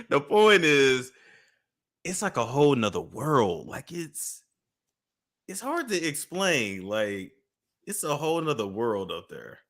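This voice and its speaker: Male guest, lively pitch swings, bright voice, joking storyteller. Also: slow, long pauses. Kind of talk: casual celebrity gossip chat.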